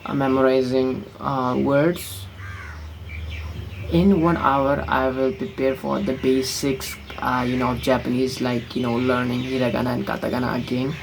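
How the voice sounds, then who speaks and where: A man's voice: medium pitch, flat delivery, moderate pace, creaky, background noise. A young man from Nepal speaking English with an American-influenced accent learned from films, chatting casually in a rambling, blunt vlog full of fillers. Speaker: vlogger. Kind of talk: casual talking-to-camera vlog.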